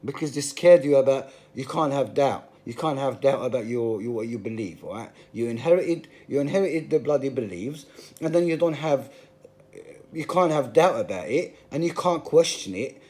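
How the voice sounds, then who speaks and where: A man's voice: mid-range voice, expressive, moderate pace, darkish tone. A man giving an emphatic, passionate monologue, full of repetition and rhetorical questions. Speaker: religious commentator.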